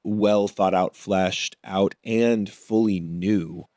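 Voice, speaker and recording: A man's voice: lowish voice, fairly even intonation, slow, a little mellow, dry recording, studio quality. A man talking as an actor guest in a casual interview, thinking his answers through aloud. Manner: thoughtful, works through ideas aloud.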